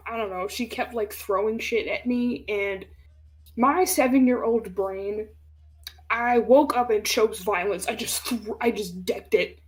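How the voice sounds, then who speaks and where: Animated young woman telling stories. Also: on the high side, a little slow. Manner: animated, laughing, swears freely, acts out quotes. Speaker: streamer. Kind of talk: casual storytelling chat.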